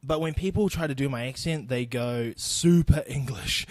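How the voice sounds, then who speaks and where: Young New Zealand man, blunt and profane podcast host, even mid pitch, dead-dry close sound. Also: moderate pace, dry recording. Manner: blunt, sweary, laughing asides. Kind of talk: solo podcast rant. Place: home recording in Austin.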